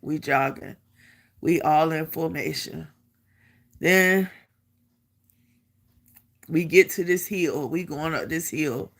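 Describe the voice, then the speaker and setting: A middle-aged woman with a low voice speaks slowly, with long pauses, as she tells a personal story in a casual vlog. She's animated, acting out the quotes and laughing along the way.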